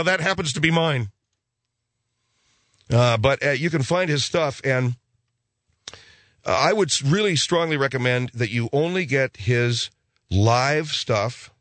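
Man, middle-aged, show host, casual rambling chat, mid-pitched voice, dry sound. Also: animated, measured pace, long pauses, a bit bright, dry recording. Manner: rambling, repeats words, restarts often. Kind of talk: casual chat answering listener mail.

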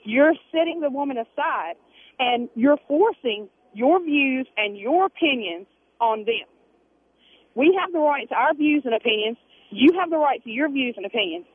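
An indignant woman calling in to a radio show, arguing her point insistently. Her voice is high and husky, and it comes through a tinny phone line. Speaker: caller. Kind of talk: heated call-in argument.

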